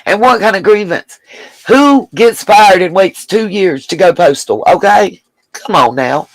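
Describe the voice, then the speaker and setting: A woman's voice: mid-range voice, expressive, unhurried, dry recording, low-quality recording. Blunt, chatty woman live-streaming. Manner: blunt, emphatic, chatty, swears freely. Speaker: livestream host. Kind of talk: live-stream commentary and chat reading.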